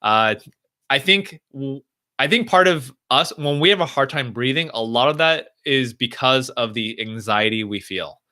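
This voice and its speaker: A young man answering viewers' questions on a live stream, speaking gently and reassuringly, thinking aloud as he goes. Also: medium pitch, lively intonation, moderate pace.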